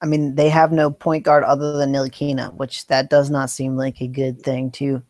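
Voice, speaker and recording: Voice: medium pitch, little pitch movement, moderate pace, a little mellow, dry recording. Laid back cohost joking about basketball, dry mic. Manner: teasing, easygoing. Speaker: podcast co-host. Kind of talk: casual sports chat.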